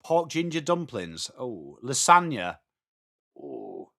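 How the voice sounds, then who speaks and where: A man's voice: mid-range voice, takes it slowly, vocal fry. A young northern English man hosting a live fan watchalong, calling the play and chatting with viewers by name. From England. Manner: excitable, banters with viewers by name. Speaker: host of a fan watchalong stream. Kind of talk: live sports commentary mixed with reading chat.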